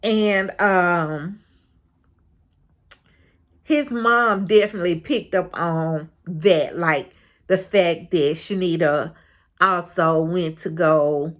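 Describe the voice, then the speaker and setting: A woman's voice: on the low side, steady tone, slow pace, long pauses. A woman hosting a casual recap of a reality show, frank and chatty, often breaking into laughter.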